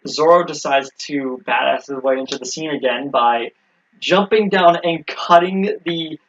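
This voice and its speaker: A man's voice: on the high side, a little slow, a bit bright, a little hiss or hum. A man co-hosting a casual anime recap chat, rambling with many fillers and restarts. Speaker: podcast co-host. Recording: dull lo-fi audio.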